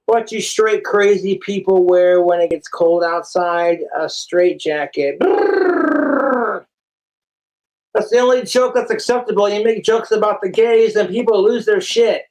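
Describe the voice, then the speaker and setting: A man's voice: sits high, normal speed, few pauses, darkish tone. A man doing a crude, profane comic skit, arguing with himself in two quoted voices.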